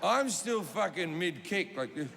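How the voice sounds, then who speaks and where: Stand-up comic in his 40s, gravelly and slightly high voice, profane storyteller, live hall with crowd noise. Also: lively intonation, a little slow. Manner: profane, storytelling, punchy delivery. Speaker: stand-up comedian. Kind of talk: stand-up comedy. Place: stage in a large venue. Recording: reverberant hall with audience noise.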